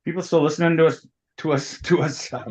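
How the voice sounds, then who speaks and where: A man's voice: a little high, steady tone, fast talker, slightly rough. A man co-hosting a podcast, joking and teasing the others in casual chat. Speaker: podcast co-host. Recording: dull lo-fi sound.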